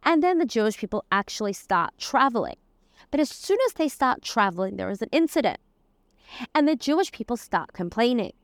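A Torah teacher speaks briskly in a fairly high voice with big pitch swings, giving a conversational lesson on the weekly portion. Hebrew terms and verses are woven through her explanation, and there is no room sound.

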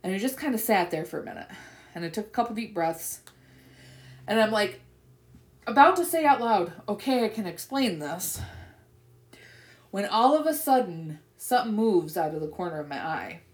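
A woman co-hosting a podcast, telling a story in casual chat, animated and profane. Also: mid-range voice, a little fast, reverberant. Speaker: podcast co-host.

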